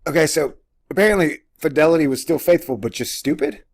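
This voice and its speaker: A man hosting a casual commentary video, joking sarcastically with sudden animated outbursts. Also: fairly high pitch, a little fast.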